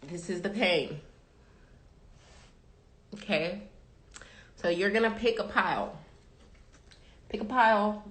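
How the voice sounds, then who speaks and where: A woman's voice: mid-range voice, slow pace, long pauses, fairly bright tone. A young adult woman hosting a tarot reading livestream, chatting casually and emphatically to her viewers, calling them baby and y'all. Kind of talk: casual motivational chat to live viewers. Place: room at home. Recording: roomy echo.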